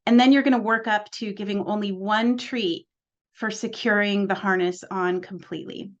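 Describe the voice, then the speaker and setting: A woman's voice: mid-range voice, steady tone, normal speed, highs cut off. A woman giving a webinar presentation on cat training, explaining in a friendly way with frequent fillers and repeated words. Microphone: video call.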